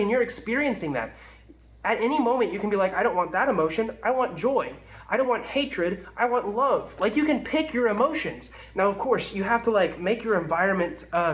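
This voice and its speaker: A young man vlogging casual self-help advice to the camera, earnest and rambling, with lots of fillers. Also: high voice. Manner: earnest, rambling, heavy use of "like".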